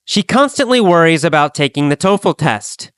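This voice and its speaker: A man teaching an English lesson, speaking slowly and deliberately and repeating phrases for learners to copy. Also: on the high side, expressive, a bit bright, clear, resonant tone, no room sound. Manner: slow, deliberate, repetitive drilling.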